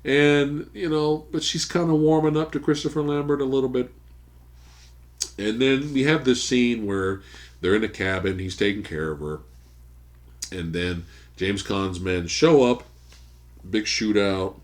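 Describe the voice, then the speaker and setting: A man hosting a podcast, casually recapping a movie plot as an animated storyteller who swears freely. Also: mid-range voice, unhurried, pauses often. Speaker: podcast host. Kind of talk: casual movie review chat. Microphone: studio podcast mic.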